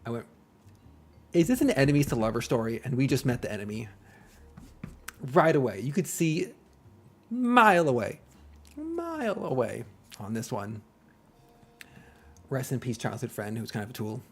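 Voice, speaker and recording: With a husky, medium-pitched voice, a man streams live at a moderate pace, very animated yet pausing often. He rambles, jokes about himself, and makes playful asides as faint music plays behind him.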